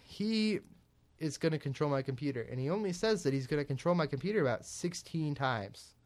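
A man's voice: a little high, expressive, brisk, a little mellow. A young man co-hosting a casual talk show, telling a story and acting out both sides of a phone call. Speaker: podcast co-host.

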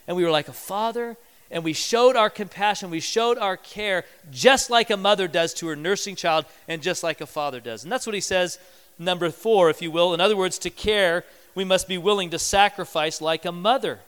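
A man delivers a sermon in a church, his voice high and smooth. He talks to the congregation conversationally and slips into short acted-out quotes. The sound carries a long hall reverb. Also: normal speed, fairly bright tone. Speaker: pastor.

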